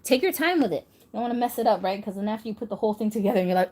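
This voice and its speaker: A woman's voice: a little high, very animated, quick pace, a little mellow. A woman from New York who hosts a doll channel, talking bluntly and casually to her viewers and laughing often.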